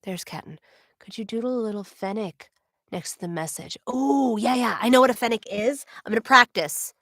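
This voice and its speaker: A woman's voice: on the high side, moderate pace, fairly bright tone, dry recording, clean studio sound. Bubbly woman with a New Jersey accent. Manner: bubbly, chatty, laughs often, lots of "like". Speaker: voice actor hosting a signing stream. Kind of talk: casual livestream chat.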